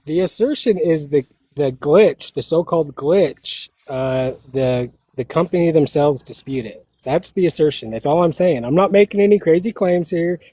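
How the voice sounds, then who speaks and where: A man on a live online debate panel, argumentative and crude, with a husky voice. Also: on the high side, normal speed, few pauses, warm tone, no echo.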